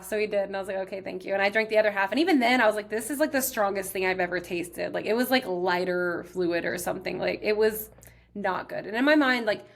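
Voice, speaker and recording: Young woman, podcast host, casual storytelling, chatty and animated, medium pitch. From Texas.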